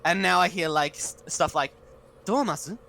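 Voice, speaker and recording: Man, bright forceful tone, slightly high pitch, chatty podcast co-host. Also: fairly even intonation, moderate pace, vocal fry, a little hiss or hum. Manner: chatty, thinks aloud with fillers. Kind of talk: casual online podcast chat.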